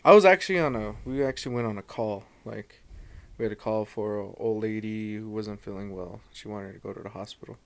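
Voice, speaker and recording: A man's voice: lowish voice, fairly quick, no echo. A man telling a spooky story from his work in laid-back podcast chat, swearing casually. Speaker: podcast guest.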